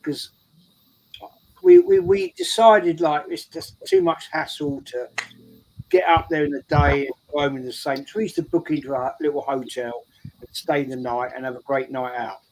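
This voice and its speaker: A man's voice: a little high, expressive, normal speed, vocal fry, a little mellow, rough recording. A man telling a rambling story in casual chat, repeating his words as he goes. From England. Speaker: show regular. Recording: faint background noise.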